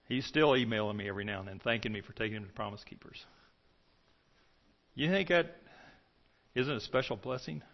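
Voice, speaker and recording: A pastor preaching a sermon to his congregation, swinging between loud calls and hushed lines. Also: fairly high pitch, muffled recording.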